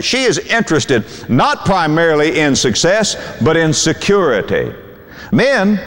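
An older man preaching a sermon in a folksy, animated way, acting out quotes from husbands and wives. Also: fairly high pitch, big-room sound.

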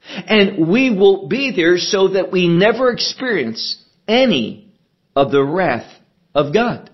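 A man teaching a sermon verse by verse, deliberate and emphatic, asking rhetorical questions as he explains the text. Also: high-pitched, lo-fi sound. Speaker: Bible teacher.

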